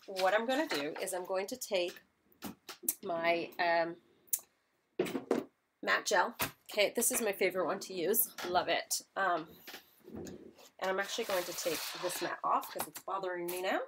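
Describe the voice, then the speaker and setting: A craft instructor speaks in a mid-range voice at normal speed, leaving long pauses, while background noise runs underneath. Working through a live project, she chats to viewers in a self-deprecating way and jokes at her own expense.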